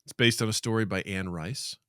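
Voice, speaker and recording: A man's voice: lowish voice, fairly quick, a bit bright, clear, resonant tone, no echo, studio quality. A man co-hosting a casual podcast, jokey and teasing, laughing often as he quizzes his friend. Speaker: podcast co-host, quizzing his co-host on film clips.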